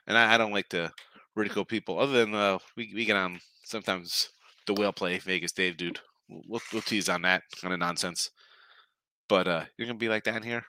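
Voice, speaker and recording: A man hosting a sports betting picks show who calls himself an old guy, ranting in a gruff, sarcastic, scolding way with repeated short jabs before running through his picks. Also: lowish voice, pushed and bright, dry recording. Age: older.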